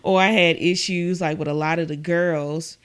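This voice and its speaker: A woman's voice: steady tone, normal speed, clear, resonant tone. A young adult woman chatting casually and telling stories from her working life, acting out what others said. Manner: storytelling, quotes people in a higher voice. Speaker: guest. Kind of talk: casual chat.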